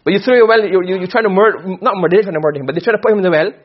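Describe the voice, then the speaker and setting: A man's voice: sits high, racing, slightly rough, lo-fi sound. A man teaching a class in a lecture style, firing questions at the students and repeating himself as he explains. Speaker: Arabic rhetoric teacher.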